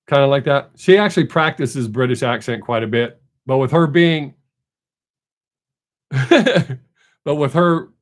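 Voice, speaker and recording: A middle-aged man, chatting loosely and profanely with viewers as a live-stream host. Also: medium pitch. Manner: rambling, loose and profane, with frequent restarts. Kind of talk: casual live-stream chat.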